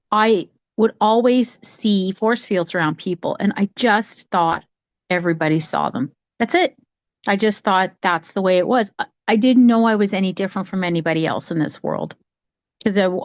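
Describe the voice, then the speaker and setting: A woman talking casually from home on a video call, telling a childhood story in a rambling, animated way with many restarts. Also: mid-range voice, no echo, dull audio. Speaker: psychic medium sharing her story. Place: home, cat nearby.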